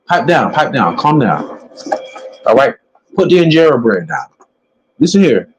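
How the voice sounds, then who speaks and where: A man's voice: high-pitched, expressive, a little slow, pauses often, poor audio. A man giving emphatic religious commentary, preachy, stretching words out for emphasis. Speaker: religious teacher.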